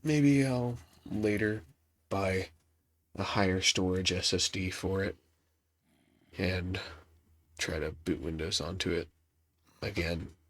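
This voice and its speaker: Slow and prone to long pauses, a low-voiced young gaming YouTuber offers casual commentary as he plays. He sounds congested, rambles, and is self-deprecating, all picked up through a laptop setup.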